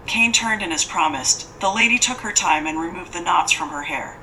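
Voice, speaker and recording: A woman narrating an audiobook in a steady, even storytelling manner. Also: fairly low pitch, moderate pace, few pauses. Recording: distant mic with faint hiss.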